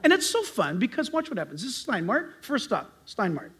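A middle-aged pastor preaching a sermon, telling stories in an animated way and acting out loud greetings. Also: male voice, very high voice, a little fast, breathy edge.

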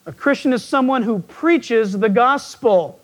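Croaky-voiced male pastor preaching. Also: very high voice, expressive, measured pace. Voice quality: croaky, frog-like voice. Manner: folksy, jokey, asks the crowd questions. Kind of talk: sermon.

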